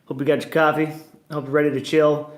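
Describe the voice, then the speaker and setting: A man's voice: on the high side, flat delivery, quick pace. A man in his thirties hosting a casual morning livestream from home, upbeat and chatty, greeting viewers one after another. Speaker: livestream host.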